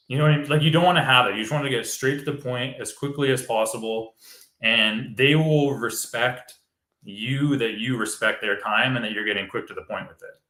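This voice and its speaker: A man's voice: medium pitch, brisk, bright, forceful tone, roomy sound. A man, a real estate wholesaler, explaining step by step in casual chat and acting out sample phone calls.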